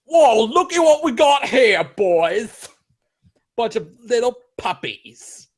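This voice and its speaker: A man's voice: extremely high pitch, sing-song, slow, voice pushed up, full character voice. A man voicing a tough, menacing thug leader who mocks and taunts. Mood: taunting. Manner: mocking, taunting.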